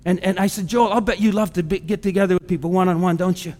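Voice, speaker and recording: A man's voice: high-pitched, steady tone, quick pace, a little mellow. A male pastor preaching a sermon in a conversational way, now and then acting out the people he quotes, recorded in a church sanctuary. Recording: long hall reverb.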